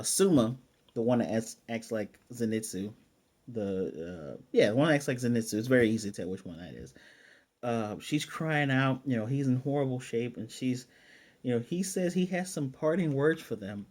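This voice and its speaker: A man casually recapping an anime episode, retelling scenes with lots of fillers and restarts. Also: medium pitch. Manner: excited storytelling with frequent fillers and restarts. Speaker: anime reviewer.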